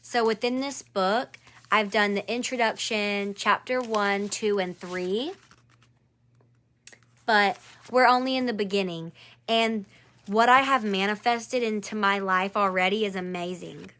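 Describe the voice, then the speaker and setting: A woman's voice: mid-range voice, fairly even intonation, measured pace, sharp tone. A woman doing a live-streamed angel card reading. She speaks to one viewer by name, encourages her, and repeats her phrases.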